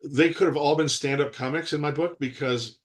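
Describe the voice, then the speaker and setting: A man's voice: a little high, a little fast. Man in his sixties, rambling storyteller. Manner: rambling, animated storytelling with frequent laughter. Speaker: actor, interview guest. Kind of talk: casual video-call interview. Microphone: video call.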